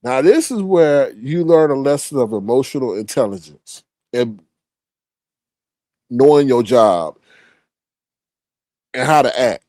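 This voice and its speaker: A man casually telling a story, animated, swearing freely and acting out the other people's voices. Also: medium pitch, measured pace, pauses often, dry recording, clean studio sound.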